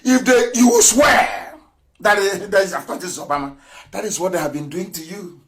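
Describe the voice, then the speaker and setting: A middle-aged man giving a fiery political radio broadcast, mocking his opponents and breaking into shouts and laughter. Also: sits high.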